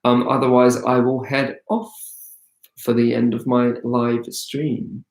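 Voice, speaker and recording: A man's voice: medium pitch, little pitch movement, takes it slowly, roomy sound. A man hosting a casual live-stream Q&A as an actor, chatty and rambling with many hesitations. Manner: rambling, hesitant, full of ums.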